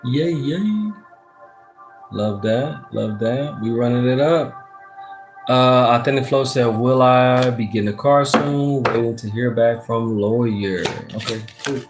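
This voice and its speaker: A relaxed man of ordinary pitch talks into his phone at night, reading tarot cards and chatting loosely with viewers. He swears often and reads out comments, with faint music playing behind him. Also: slow. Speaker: tarot reader hosting a live stream. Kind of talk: casual livestream chat and tarot reading. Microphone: phone front camera.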